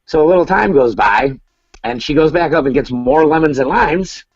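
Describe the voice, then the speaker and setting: A man telling a bawdy story on a casual podcast, laughing along as he goes. His husky voice swings widely up and down. The sound is dull and lo-fi. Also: fairly high pitch, animated, moderate pace, no room sound. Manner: rambling storyteller who laughs at his own tale. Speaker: podcast co-host.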